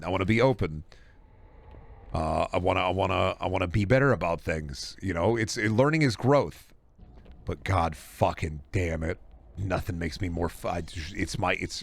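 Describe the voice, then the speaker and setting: A man's voice: on the low side, fairly bright tone. A man streaming games and ranting casually, swearing constantly and rambling through restarts and asides. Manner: profane, heated ranting with frequent swearing. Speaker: game streamer.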